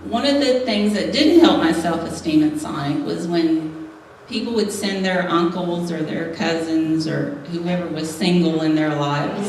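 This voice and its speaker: A woman's voice: on the low side, background noise. A middle-aged woman giving a humorous personal testimony to a church audience, laughing often as she tells her story. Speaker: speaker at a women's church gathering. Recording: echoey hall, mic at a distance.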